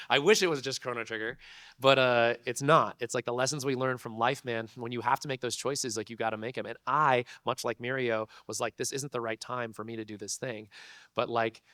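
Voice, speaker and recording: A man's voice: medium pitch, pushed and bright, no echo, studio quality. Chatty young man telling a panel story. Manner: casual and chatty, full of "like" and "dude", laughs between lines. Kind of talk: animated storytelling to a live audience. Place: convention panel room.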